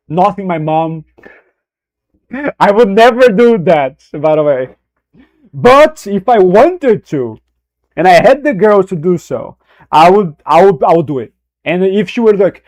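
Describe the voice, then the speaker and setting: Loose, profane young streamer, slightly higher voice. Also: male voice, animated, normal speed, darkish tone. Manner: loose and profane, joking, reacting to chat. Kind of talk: casual livestream chat.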